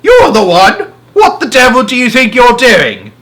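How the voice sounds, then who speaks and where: A man's voice: extremely high pitch, wildly swooping pitch, a little slow, voice pushed up, heavily acted. A man voicing a large, angry male policeman who bellows his accusations. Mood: furious. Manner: loud, shouting, blustering.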